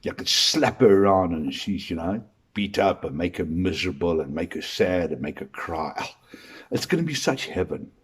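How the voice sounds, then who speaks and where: A man playing a smug, husky groom-to-be. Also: sits low, animated, moderate pace, voice pushed down. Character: bragging groom-to-be, crude man.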